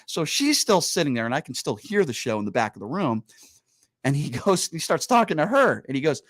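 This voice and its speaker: Animated male radio host telling stories. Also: fairly high pitch, moderate pace, dry recording. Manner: animated storyteller, quotes people in raised voices. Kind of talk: casual studio chat, storytelling. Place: radio studio.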